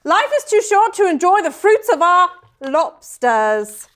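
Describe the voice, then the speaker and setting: A woman's voice: very high-pitched, very animated, unhurried, fairly bright tone, heavily acted. A woman playing an eccentric envoy who hears her dead cousin's spirit, giving solemn, mock-dignified speeches. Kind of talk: comedic tabletop role-play.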